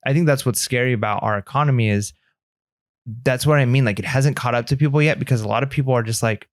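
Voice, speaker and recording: A man's voice: medium pitch, quick pace, no room sound, studio quality. A man co-hosting a podcast in casual chat, talking earnestly and rambling with lots of "like" fillers. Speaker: podcast co-host.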